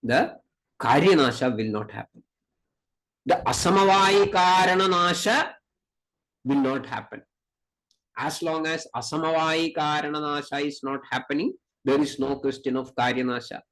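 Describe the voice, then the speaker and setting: A man's voice: fairly high pitch, normal speed, a bit bright, rough recording. A man with an Indian accent giving an academic lecture on Ayurveda, speaking emphatically, repeating key points and reciting Sanskrit verses.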